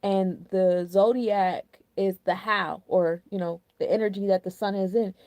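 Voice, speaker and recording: A woman's voice: medium pitch, steady tone, a little slow, darkish tone, dry recording. A young woman hosting a casual astrology and numerology forecast, chatty and candid, full of loose slang and filler words. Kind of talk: casual spiritual forecast talk.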